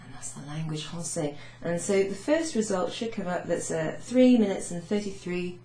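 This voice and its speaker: A woman French teacher recapping a beginners' lesson, chatty, saying French phrases slowly with teacherly emphasis. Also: fairly low pitch, lively intonation, mellow. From Wales. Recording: echoey room with faint noise.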